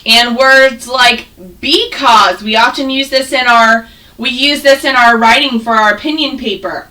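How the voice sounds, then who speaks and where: A woman teaching first grade on a video call, sounding out words slowly and clearly for young children. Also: a little high, pushed and bright, recorded from a distance, poor audio. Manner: slow, exaggerated sounding out of words. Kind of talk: online phonics lesson. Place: home, on a video call with students.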